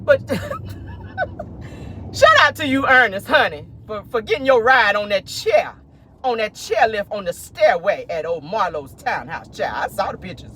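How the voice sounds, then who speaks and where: A man hosting a casual celebrity gossip vlog from his car, talking with animated, laughing, playful sass. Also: high-pitched, normal speed, husky. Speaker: host.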